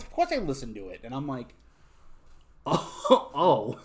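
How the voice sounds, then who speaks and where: His medium-pitched voice swoops wildly as this young man, hosting a podcast, tells crude stories at a moderate pace. Expect lots of profanity and fillers in the loose, casual conversation.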